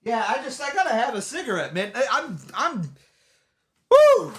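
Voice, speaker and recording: A man with an extremely high voice and big pitch swings streams live, speaking briskly with a slightly bright tone. His loose commentary rambles, repeats itself and keeps restarting sentences.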